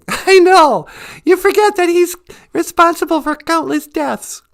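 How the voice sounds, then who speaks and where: A man doing a giggly falsetto sidekick. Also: unhurried, creaky, fairly bright tone, exaggerated voice.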